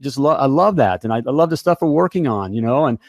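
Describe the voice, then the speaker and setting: An American man hosts a live talk show from his home studio, upbeat and rambling, full of fillers and restarts. His voice is pitched in the middle range. The sound is dry and close. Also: animated, fast talker, dry recording. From United States. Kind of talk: casual live show chat.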